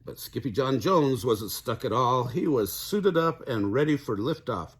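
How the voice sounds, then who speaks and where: A man's voice: medium pitch, animated, a little slow, breathy edge. An older man reading a children's storybook aloud, chuckling now and then. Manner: chuckles while reading, occasional stumbles.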